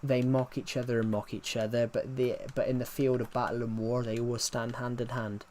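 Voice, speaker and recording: A man's voice: medium pitch, level tone, brisk, darkish tone. Guy rambling on his stream, um-ing a lot, keyboard clicking, bit of hiss. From England. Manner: rambling, many restarts and fillers, answering chat. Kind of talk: casual live-stream chat.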